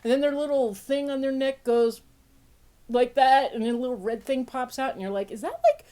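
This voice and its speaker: Sniffly, playful woman with a high voice. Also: moderate pace. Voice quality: sniffly nose. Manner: playful, laughs often, big pitch jumps when excited. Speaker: podcast host. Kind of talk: casual chat.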